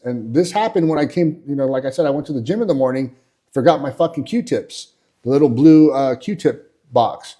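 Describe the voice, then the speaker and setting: A man's voice: on the high side, mellow. A man, hosting and telling workplace stories in a blunt, profane, casual monologue full of fillers. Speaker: podcast host.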